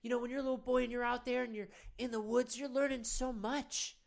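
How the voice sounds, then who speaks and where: A man's voice: extremely high pitch, steady tone, fairly quick, vocal fry. A man playing a self-serious male men's-wellness guru, leading a parody of a guided meditation in an earnest, coaxing, rambling way.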